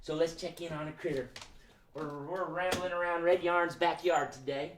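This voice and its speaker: Gentle woman hosting a kids' show. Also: sits low, fairly even intonation, normal speed, slight background noise. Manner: gentle, encouraging, talks to kids directly. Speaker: children's show host. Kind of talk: casual children's show, singing and chatting.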